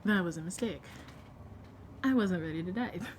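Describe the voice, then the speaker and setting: A young woman vlogger telling a story in a casual, animated way, sometimes dropping to a whisper. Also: lowish voice, moderate pace, slight background noise. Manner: animated, acts out quotes, drops to a whisper at times.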